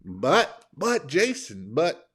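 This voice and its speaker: A man's voice: on the high side, wildly swooping pitch, extremely slow, fairly bright tone, husky. Folksy man coaching. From Northern Kentucky, USA. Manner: folksy, rambling, plain-spoken. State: sore throat. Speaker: business coach. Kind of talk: motivational live-stream talk.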